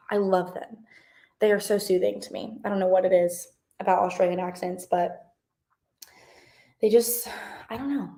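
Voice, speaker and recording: A young woman in her twenties hosts a live reading stream, chatting casually in a bubbly, rambling way. She reads chat comments aloud and answers them with many fillers. Her voice is mid-range with a dark tone.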